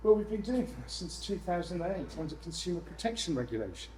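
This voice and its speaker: A man presenting to a room of landlords, lively and jokey with exasperated asides. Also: high-pitched, brisk, slight background noise, poor audio. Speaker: letting agent speaking at a landlord event. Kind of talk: live seminar presentation.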